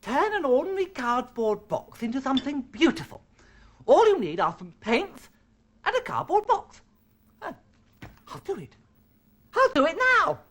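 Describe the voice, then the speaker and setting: A woman's voice: high voice, sing-song, normal speed, long pauses. A woman voicing a puppet who plays a spoiled, greedy little girl in a story, gushing and bratty. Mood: excited. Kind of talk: acted story in a children's show.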